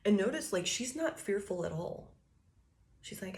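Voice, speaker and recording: A woman's voice: medium pitch, expressive, moderate pace, long pauses, darkish tone. A woman giving a casual tarot reading, talking loosely and profanely, laughing often and acting out quoted thoughts. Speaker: tarot reader.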